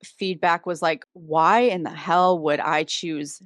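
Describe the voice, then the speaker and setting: A woman's voice: low voice, fairly even intonation, takes it slowly, fairly bright tone, dry recording, clean studio sound. A woman hosting a casual podcast interview, reacting bluntly and asking questions. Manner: reacts with laughs and blunt exclamations. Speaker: podcast host.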